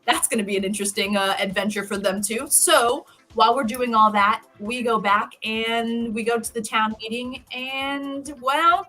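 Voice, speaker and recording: A woman co-hosting a podcast, recapping a TV episode in a casual, animated and profane storytelling way. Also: fairly high pitch, moderate pace, few pauses, faint music behind. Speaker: podcast co-host.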